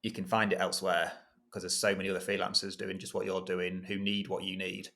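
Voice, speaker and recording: Low, flat-voiced man. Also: fairly quick, gravelly. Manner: chatty, self-deprecating, laughs easily. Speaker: guest, freelance copywriter. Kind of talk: casual podcast interview.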